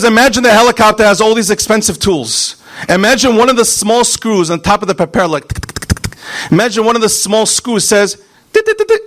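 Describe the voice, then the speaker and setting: A man, a rabbi, preaching a fiery sermon, punching out single words and then dropping to quiet asides. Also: very high voice. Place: synagogue.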